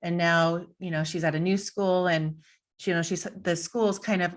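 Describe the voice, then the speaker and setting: A middle-aged woman host with a somewhat low voice. She rambles in a friendly, chatty way and laughs easily between her stories. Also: fairly even intonation, moderate pace. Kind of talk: casual chat.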